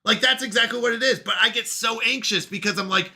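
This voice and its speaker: A man streaming live, chatting casually with his community and answering chat, self-deprecating and quick to laugh at himself. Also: extremely high pitch, bright, forceful tone. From Canada.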